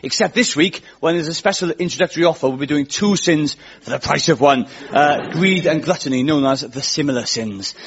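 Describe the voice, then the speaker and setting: A Welsh man in his twenties hosting a radio comedy show, telling rambling, self-deprecating stand-up with quick asides. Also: on the high side. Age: 20s. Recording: lo-fi radio studio with audience laughter. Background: studio audience laughing.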